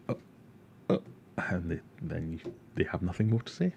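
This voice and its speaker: A man's voice: sits low, normal speed, gravelly, darkish tone, a little hiss or hum. A man hosting a casual livestream, rambling, joking and reading viewer comments aloud. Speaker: aquarium livestream host.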